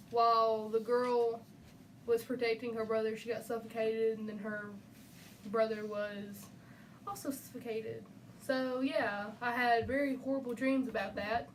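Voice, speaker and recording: A young woman hosting, slowly recounting a dream in a halting way. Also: a little high. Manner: slow, halting, with fillers like "and all that". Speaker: channel host. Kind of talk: casual chat, telling a dream. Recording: faint noise, voice from a distance.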